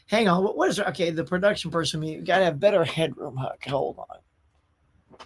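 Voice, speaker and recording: A man hosts a relaxed live stream from his own room at home. He talks in an easygoing, chatty way and calls out viewers by name. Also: a little high, normal speed, husky. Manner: laid-back, chatty, greets viewers by name. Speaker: host of a pop culture live show. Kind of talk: casual livestream chat.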